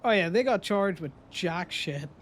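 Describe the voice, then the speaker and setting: Brief: man with a high voice, sarcastic banter from the cab of a tow truck, faint hiss behind. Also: animated, a little slow, fairly bright tone. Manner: joking, sarcastic. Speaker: tow truck driver roleplayer. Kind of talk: casual roleplay chat.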